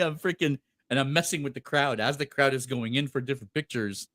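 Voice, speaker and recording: A man's voice: medium pitch, fairly bright tone, dry recording, studio quality. A man co-hosting a podcast, telling a story in casual chat with lots of fillers, restarts and laughter. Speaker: podcast co-host.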